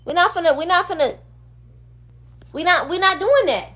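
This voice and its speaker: A woman's voice: very high-pitched, expressive, normal speed, pushed and bright. A woman on a phone livestream, delivering an impassioned rant full of emphatic, repeated rhetorical questions. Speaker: streamer.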